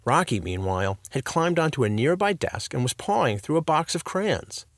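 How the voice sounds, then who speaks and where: A man's voice: medium pitch, big pitch swings, moderate pace, no room sound. A man narrating a children's story in a playful, scripted storybook reading, in a dry close-mic recording.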